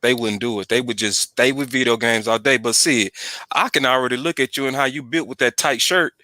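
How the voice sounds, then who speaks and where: A man hosting a relaxed sports podcast, leaning hard on his points and repeating them to drive them home. His voice is bright and forceful, and the room is dry and close with no echo. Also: mid-range voice, fairly quick. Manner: emphatic, repeats points for stress. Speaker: podcast host. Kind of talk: casual sports chat.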